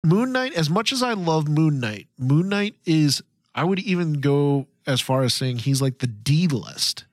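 Male podcast co-host, somewhat high voice, enthusiastic, dry sound. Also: expressive, a little slow, no echo. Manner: enthusiastic, laughs often. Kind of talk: casual chat about a TV series.

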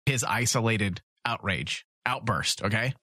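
Lively young man hosting a podcast. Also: on the low side, unhurried, no room sound, clean studio sound. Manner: jokey, self-mocking. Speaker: podcast host. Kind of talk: casual podcast chat.

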